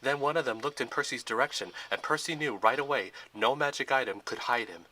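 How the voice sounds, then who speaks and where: Bright-voiced man narrating a story. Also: medium pitch, fairly quick. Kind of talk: storybook narration of a Lego fan film.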